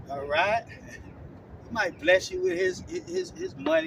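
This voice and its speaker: A man's voice: very high voice, huge pitch swings, a little slow. A man preaching bluntly and profanely, tagging nearly every phrase with "man" or "all right?". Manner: scolding, blunt, profane street talk. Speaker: street preacher teaching scripture. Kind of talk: confrontational online sermon. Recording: distant mic with clear outdoor traffic noise.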